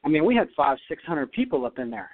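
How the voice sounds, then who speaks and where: A man with a slightly high voice tells a long story as an interview guest, animated and prone to restarting his words. The sound is dry and narrow, like a call coming through a phone, with no room around him. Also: fast talker, no room sound. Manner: animated, repeats words while telling a story. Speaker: podcast guest, former tennis player.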